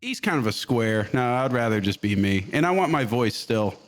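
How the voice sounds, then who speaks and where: A man's voice: medium pitch, lively intonation, normal speed. A man in casual interview chat, joking and self-mocking, laughing often. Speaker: guest content creator.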